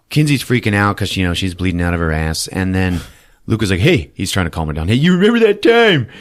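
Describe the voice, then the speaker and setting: Animated man recapping a film. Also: sits low, moderate pace. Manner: animated, profane, acts out scenes with voices and laughs. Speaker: podcast host recapping a film. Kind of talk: casual movie recap.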